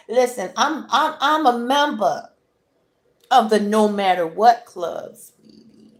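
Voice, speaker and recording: Speaking at normal speed in a slightly high voice, a woman vlogger cries through an emphatic, repetitive motivational talk to camera. She keeps checking in with the audience by asking "right?".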